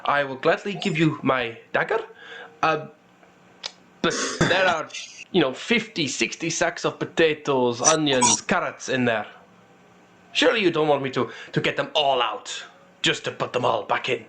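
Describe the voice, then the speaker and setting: A man's voice: expressive, normal speed, fairly bright tone, close to an everyday voice. A man voicing a shy, nervous old male dwarf merchant who stammers and pleads politely. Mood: pleading. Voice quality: higher, raised voice, humble pleading manner. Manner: stammering, repeats words, nervous laughs.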